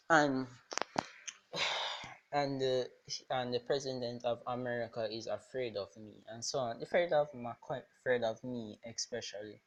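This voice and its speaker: A man's voice: medium pitch, normal speed. A man improvising a fan-fiction story aloud, rambling with many restarts and fillers.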